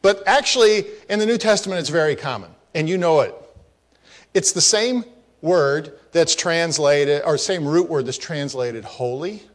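A man's voice: fairly high pitch, moderate pace. A man preaching a teaching sermon on prayer, explaining grammar with asides and repeating phrases for emphasis. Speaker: pastor.

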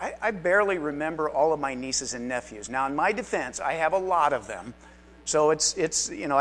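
A man's voice: on the high side, a little hiss or hum. A man teaching a live Bible study class in a chatty, self-deprecating way, with frequent asides to the group.

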